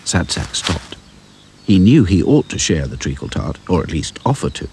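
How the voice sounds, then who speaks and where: A man narrates a children's storybook in a lively, sing-song manner. His fairly low voice rises and falls dramatically across each line. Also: moderate pace, slight background noise. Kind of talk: storybook reading.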